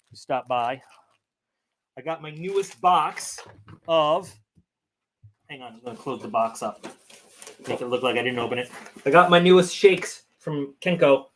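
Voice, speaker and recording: Male streamer host, slightly high voice, casual rambling chat, desk mic. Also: a bit bright, a little hiss or hum. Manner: chatty, rambling, talks to his cat. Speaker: channel host.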